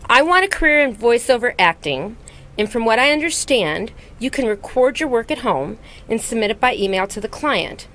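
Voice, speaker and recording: A woman's voice: fairly high pitch, animated, normal speed, fairly bright tone. A woman hosting an interview show, bubbly and enthusiastic. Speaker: host. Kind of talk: casual interview chat.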